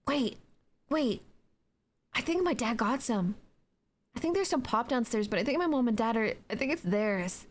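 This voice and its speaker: With a fairly high, animated voice at normal speed and long pauses, a young adult woman streams on Twitch from home. She reads chat aloud and chats playfully, rambling with plenty of fillers amid yawns.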